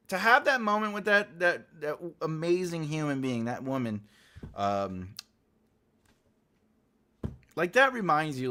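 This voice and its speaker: A man's voice: on the high side, fairly bright tone. A man hosting a writing livestream, chatting casually and rambling as he reads out and answers chat messages, often laughing.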